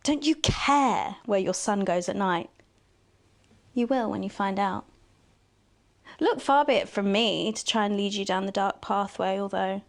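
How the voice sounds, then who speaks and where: A woman playing Megan Wolf, a purring tempter. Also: lightly acted. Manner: teasing, taunting, purring low asides. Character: sultry scheming female news anchor playing a tempter. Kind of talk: video game voice acting.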